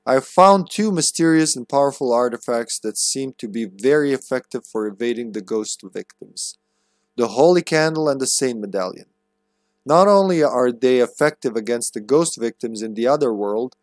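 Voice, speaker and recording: A male game streamer with a mid-range voice muses aloud in casual commentary, chuckling lightly and reading his game notes out loud. The recording is dry and close, with no room sound.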